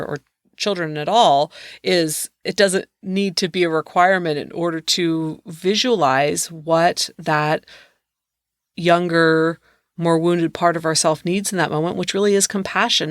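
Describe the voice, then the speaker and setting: A woman's voice: sits low, dry recording, studio quality. A woman hosting a podcast who responds to her guest in an affirming, thoughtful way. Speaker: podcast host. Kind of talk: podcast interview.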